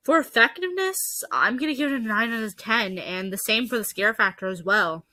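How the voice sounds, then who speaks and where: A woman gives casual, blunt commentary in a bright, slightly high voice, swearing freely. The sound is dry and close to the mic. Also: fairly quick, no room sound, rough recording. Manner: blunt, exasperated, swears a lot. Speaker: video host reviewing ads.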